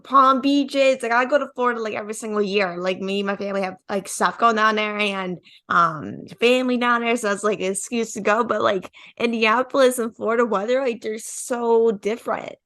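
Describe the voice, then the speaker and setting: A young woman hosts a podcast interview in a loose, chatty way and keeps padding her sentences with filler. Her voice sits slightly high for a woman. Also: fairly even intonation, a little fast, hardly any pauses, a bit bright. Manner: chatty, leans heavily on "like". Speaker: podcast host. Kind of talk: casual interview chat.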